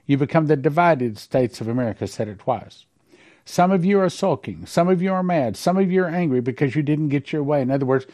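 A man's voice: medium pitch, darkish tone. Emphatic man reading prophecies. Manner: emphatic, repeating key lines. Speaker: host.

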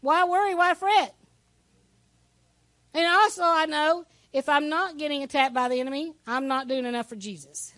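A woman pastor preaching a sermon in a lively, conversational way, with asides to the congregation. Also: high voice, normal speed, dry recording.

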